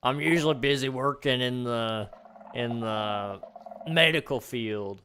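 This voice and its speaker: Man doing shady dad, brusque, evasive, bright voice, slightly raised pitch. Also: measured pace, a little hiss or hum. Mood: shifty. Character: shady dad, secretive and bossy.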